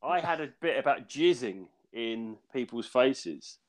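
Animated man swapping comedy stories. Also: mid-range voice, a little slow. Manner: animated storyteller, acts out quotes. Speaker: comedian podcast co-host. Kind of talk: casual chat telling stories.

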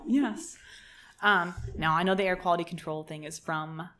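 A woman's voice: on the low side, normal speed, fairly bright tone, a little hiss or hum. Chatty young woman podcast storyteller. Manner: chatty, jokey, swears casually. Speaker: podcast co-host telling the story. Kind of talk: casual chat with storytelling.

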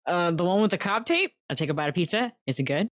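Low-voiced woman playing a tabletop game. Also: animated, fast talker, no room sound, clean studio sound. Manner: blunt and playful. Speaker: player.

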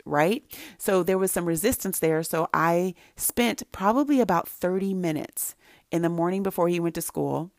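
A middle-aged woman delivers an earnest, faith-based teaching, building her points through emphatic repetition. Her voice sits low and carries a gravelly fry. The sound is close and dry, with no room around it. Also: darkish tone, no room sound. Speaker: Christian speaker to mothers.

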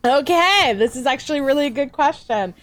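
A woman's voice: high voice, animated, a little fast, fairly bright tone, no echo. A woman guest, a VTuber, chatting casually and rambling with fillers and restarts. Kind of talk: casual chat.

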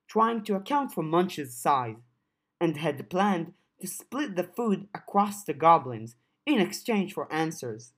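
A woman narrating a fan-made audiobook chapter in a measured, expressive way. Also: low voice, husky. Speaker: audiobook reader.

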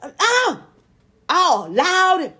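Loud, animated woman dishing celebrity gossip. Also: drawn-out words. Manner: loud, blunt and profane, laughing, animated pitch swings. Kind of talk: casual live-stream gossip chat.

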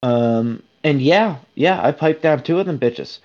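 A man's voice: on the high side, expressive, unhurried, a little mellow, muffled recording. A man guesting on a podcast, telling crude stories in a brash, rambling way. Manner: brash, profane, rambling storyteller. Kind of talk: crude casual chat.

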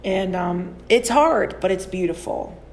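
A young adult woman hosting a podcast, talking in a casual, rambling way with many fillers and calling her listeners y'all, moving into soft, earnest spiritual affirmations. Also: medium pitch, lively intonation, a little slow, slight background noise. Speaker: podcast host, psychic reader. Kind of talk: reflective spiritual monologue.

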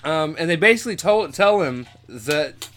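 A man's voice: on the high side, lively intonation, normal speed, crowd noise. A young man casually recapping a cartoon episode, rambling and acting out the characters' lines as he retells the story. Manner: rambling storyteller, acts out quotes. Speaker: podcast co-host.

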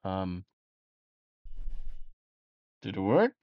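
Gravelly, slow tabletop player. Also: low-pitched, big pitch swings, no room sound, lo-fi sound. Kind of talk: casual game talk.

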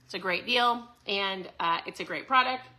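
A woman in her forties hosting a casual motivational talk, upbeat and chatty, often tossing in a quick "right?" to her listeners. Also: medium pitch, sharp tone. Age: 40s. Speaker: host.

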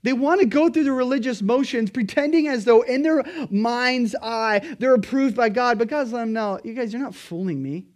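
A man, a pastor, preaching a sermon, emphatic and pleading at times, then quietly earnest. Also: very high voice, moderate pace, hardly any pauses.

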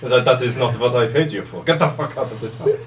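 A man's voice: mid-range voice, brisk, reverberant, background noise, natural voice. A man voicing a pompous German pimp with a put-on German accent, in improvised comic role-play. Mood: mock-menacing. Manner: mock-formal, laughing through lines. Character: pompous German male pimp, stiff and prim.

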